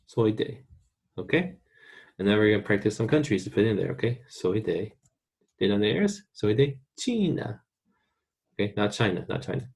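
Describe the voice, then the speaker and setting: Patient low-voiced man teaching Spanish. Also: lively intonation, creaky, slightly rough. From United States. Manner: patient, repeats words slowly for practice. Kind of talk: recorded online lesson with slides.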